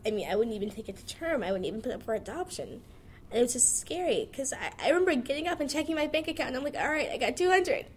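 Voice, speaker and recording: A woman's voice: on the high side, darkish tone, slight background noise. A nineteen-year-old woman, talking frankly and chattily about her life, laughing as she goes. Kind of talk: candid personal monologue.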